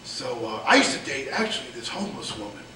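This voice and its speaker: A man's voice: medium pitch, sing-song, fast talker, bright, forceful tone, a little hiss or hum. A man playing a crude, oblivious single guy talking about dating. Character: crude single adult man looking for love. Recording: echoey room from far off.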